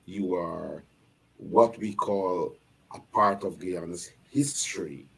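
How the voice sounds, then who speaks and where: A man's voice: low-pitched, slow, creaky, husky. A male talk show host wrapping up a live interview, speaking formally with long, emphatic, winding sentences.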